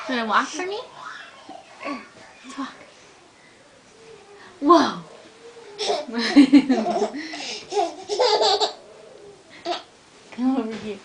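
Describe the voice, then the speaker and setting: A young woman filming her baby at home, coaxing it in playful sing-song baby talk. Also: high voice. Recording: noisy home camcorder audio.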